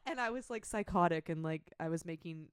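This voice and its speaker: A young woman chats casually as a podcast co-host, telling her stories with a lot of "like". Her voice sits on the low side and sounds dry and close to the mic. She gets animated when she tells a story. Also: brisk, smooth, dry recording. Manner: animated storyteller, acts out her own past lines loudly; filler-heavy with frequent "like". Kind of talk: casual chat.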